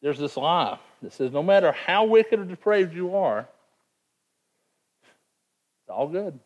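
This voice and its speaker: A man's voice: a little high, animated, unhurried, highs cut off. A man preaching a sermon in an earnest, emphatic way, often repeating words as he presses a point. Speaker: pastor.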